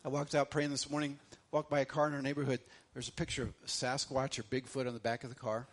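A middle-aged man preaching a sermon as a pastor, swinging between loud emphasis and hushed lines, repeating phrases for effect. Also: mid-range voice, flat delivery, fast talker, few pauses.

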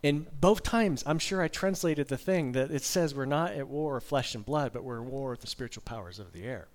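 A middle-aged man in his fifties delivering a sermon at an ordinary pitch. He talks like he is chatting with the congregation, mixing candid personal storytelling with casual asides. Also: a little fast. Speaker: preacher.

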